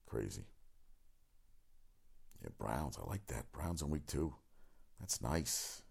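Rambling, fast-talking, profane man host. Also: rumbling low, expressive, vocal fry, darkish tone, breathy edge. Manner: rapid, rambling, profane, with many fillers. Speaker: sports talk host. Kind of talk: casual solo sports commentary.

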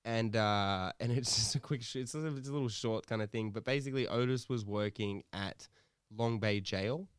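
A man's voice: fairly low pitch, normal speed, few pauses, clear, resonant tone, no echo. A young man co-hosting a podcast, telling a rambling story with swearing and laughter. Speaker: podcast co-host. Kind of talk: casual podcast chat.

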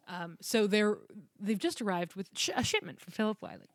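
A woman in casual podcast chat, retelling a story with lots of laughter and the odd swear word. Her voice sits at a middling pitch. It is recorded dry and close, with no room sound. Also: moderate pace, dry recording. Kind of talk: casual book recap chat.

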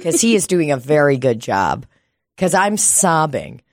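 Profane, blunt woman with a low voice. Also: very animated, measured pace, darkish tone, no room sound, clean studio sound. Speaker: podcast co-host. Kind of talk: casual comedic chat.

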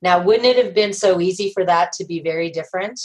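A woman guest in an interview, telling stories in a lively way and acting out the people she quotes. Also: fairly low pitch, a little fast, poor audio. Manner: animated storyteller, acts out quoted voices, laughs often. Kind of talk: conversational interview.

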